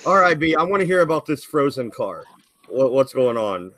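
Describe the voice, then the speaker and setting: A man's voice: medium pitch, very animated, normal speed, fairly bright tone, no echo. A man co-hosting a podcast, joking and reacting with disbelief in casual banter. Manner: joking, incredulous, laughs often. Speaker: podcast co-host.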